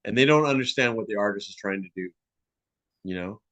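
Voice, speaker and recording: A man's voice: on the low side, a little fast, a bit bright, no room sound. A man chatting casually about music and art, rambling and full of "like" and "you know". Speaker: podcast guest, musician. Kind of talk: casual conversation.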